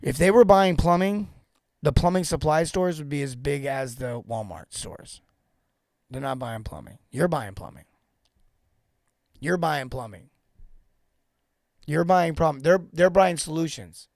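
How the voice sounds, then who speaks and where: A man's voice: a little high, a little slow, vocal fry, pauses often, no echo, studio quality. Emphatic plumbing sales coach, man. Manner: animated, emphatic, repeats key points. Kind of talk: live show coaching talk.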